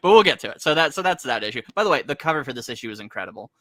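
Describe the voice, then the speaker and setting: A man's voice: mid-range voice, big pitch swings, rapid-fire, a bit bright, dry recording. A man co-hosting a casual comics chat, rambling with lots of filler words and frequent laughs. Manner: rambling, heavy use of "like" fillers; laughs often. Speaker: comic podcast co-host.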